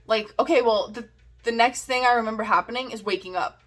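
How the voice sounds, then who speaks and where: A young woman chatting to her camera in a relaxed vlog, her voice sitting a little high. She rambles with plenty of "like," laughs at herself and drifts off on tangents. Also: a little fast. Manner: chatty, giggly, lots of "like" and self-mockery. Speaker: vlogger. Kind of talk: casual vlog storytelling.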